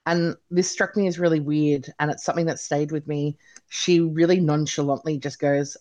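An Australian woman in her thirties tells her story as an interview guest, chatty and animated, sprinkling in plenty of "like" and "you know." Her voice is low and her speed normal.

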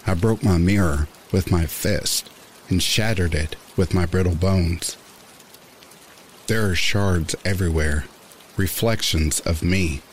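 A man reading a first-person horror story aloud in a measured, somber narration. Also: deep voice, a little hiss or hum. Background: rain sounds.

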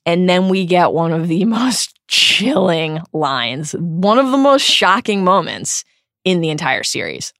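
A woman co-hosts a podcast and retells book scenes with earnest emphasis. Her pitch is animated and moves widely. The recording is dry and close. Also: unhurried, no echo. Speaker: podcast co-host. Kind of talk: reading book passages with commentary.

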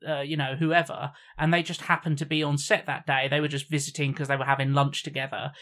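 A man with a somewhat high voice talks through his thoughts at an even pace as a podcast co-host. He is measured and reflective, musing aloud in a relaxed chat about films.

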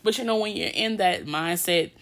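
A woman's voice: fairly low pitch, moderate pace. A young adult woman hosting a podcast, telling a personal story in a candid, casual way with lots of swearing. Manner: candid and heavy on swearing, with animated retellings. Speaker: podcast host.

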